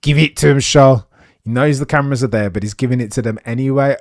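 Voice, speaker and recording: A young man streaming live race commentary, chatty and animated, with excited bursts and muttered asides. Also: mid-range voice, fairly quick, dry recording, clean studio sound.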